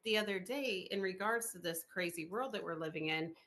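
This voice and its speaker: A woman podcast host chatting in an interview, expressive and full of fillers, laughing often as she tells stories. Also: fairly low pitch, brisk, a little hiss or hum. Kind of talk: casual interview chat.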